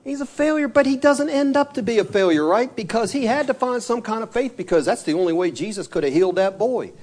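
Earnest preacher man, higher voice. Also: lively intonation, fast, darkish tone. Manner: earnest, fond of rhetorical questions and tag questions; reads scripture aloud in King James wording. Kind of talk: evening church sermon.

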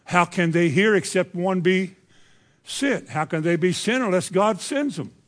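A man's voice: high voice, a little slow. A man preaching a sermon, driving his points home with rhetorical questions to the congregation.

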